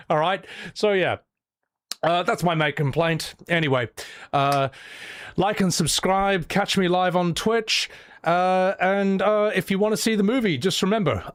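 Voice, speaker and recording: A man's voice: high voice, measured pace, fairly bright tone, no room sound. A young man chatting casually on a live stream, rambling, swearing and laughing often.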